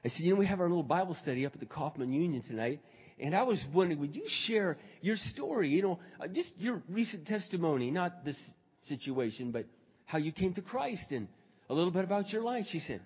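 Male pastor, high husky voice, fervent sermon delivery, dull hall recording. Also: very animated, brisk. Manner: swings from quiet storytelling to loud preaching. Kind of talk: sermon storytelling.

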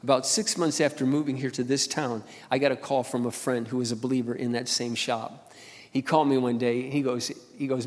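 Storytelling pastor in an echoing hall. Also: male voice, mid-range voice, fairly even intonation, brisk. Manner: storytelling, swings to loud preaching. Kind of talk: sermon.

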